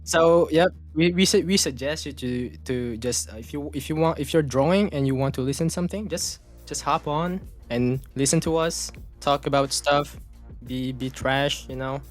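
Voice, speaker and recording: Laid-back young man, halting speech. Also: a little high, faint music behind. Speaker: podcast co-host. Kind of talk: casual chat.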